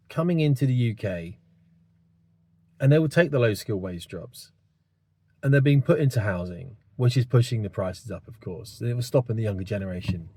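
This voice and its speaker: A man's voice: fairly low pitch, expressive, moderate pace, mellow, slightly rough, no echo. A man in his fifties, host of his own channel, rambling through his opinions in casual talk, often asking the listener if it makes sense. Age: 50s. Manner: rambling, thinking aloud, many tag questions.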